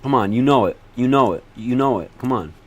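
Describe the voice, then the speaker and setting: Speaking a little fast in a mid-range voice, a teenage streamer chats with his audience as he follows storms, and the recording sounds muffled. He curses, begs, and says the same things again and again, getting excitable when something shows up.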